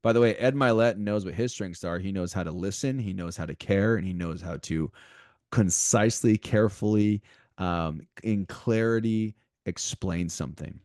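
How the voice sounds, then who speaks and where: Casting: male podcast co-host, very low voice, dry close sound, animated motivational chat. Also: normal speed, no echo. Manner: animated, repeats himself, talks straight to listeners.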